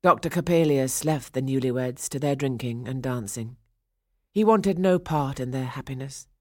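Low-voiced woman narrating a storybook. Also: dry recording, studio quality. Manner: measured, expressive.

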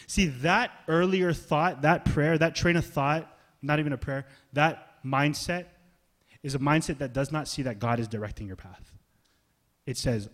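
A male pastor preaching a sermon in a casual, conversational way, swinging between loud emphasis and soft, hushed asides. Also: mid-range voice, normal speed. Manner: casual, conversational phrasing with slang.

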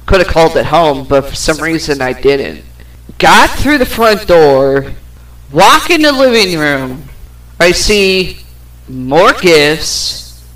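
A woman's voice: deep voice, expressive, slow, a bit bright, poor audio. A woman hosting a podcast, telling a personal story in a casual, rambling way with plenty of swearing. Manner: rambling, profane, with fillers and laughs. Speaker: podcast host.

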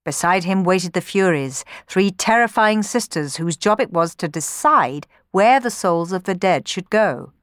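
Storybook narrator: woman, low-ish voice, expressive read, dry close recording. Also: measured pace, hardly any pauses, dry recording.

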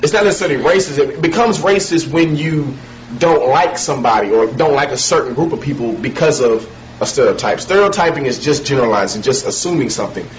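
A man's voice: medium pitch, lively intonation, fairly quick, faint music behind. A man explaining his views conversationally to camera in a video clip. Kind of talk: casual talk to camera. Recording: dull lo-fi clip with faint noise.

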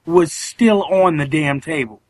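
A man's voice: fairly high pitch, measured pace, no echo, low-quality recording. A young man in his twenties co-hosting a casual podcast over a remote call, telling a story with lots of swearing and mimicking other people's voices. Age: 20s. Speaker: podcast co-host.

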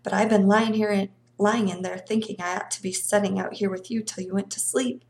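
A kindly but awkward older country man, as a woman reading aloud puts him on. He talks gruffly and haltingly in plain folksy speech, with a gravelly voice. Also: medium pitch, steady tone, a little mellow, a little hiss or hum, lightly acted. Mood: gentle.

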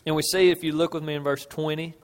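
Male preacher with a fairly high voice in a church sanctuary, earnest storyteller who builds emphasis, long hall reverb. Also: level tone, fast talker. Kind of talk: expository sermon on scripture.

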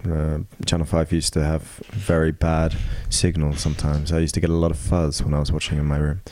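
A man's voice: extremely low pitch, monotone, brisk, dark tone, a little hiss or hum. A man leading a casual chat with friends, steering and teasing. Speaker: podcast co-host.

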